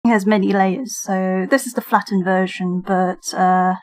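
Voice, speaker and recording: A British woman chats at an unhurried pace on a livestream, her pitch sitting mid-range for a woman. She giggles often as she talks through her drawing work. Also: fairly even intonation, a little mellow. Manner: giggly, talks while drawing and reading chat. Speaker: streamer and digital artist. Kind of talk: casual livestream chat.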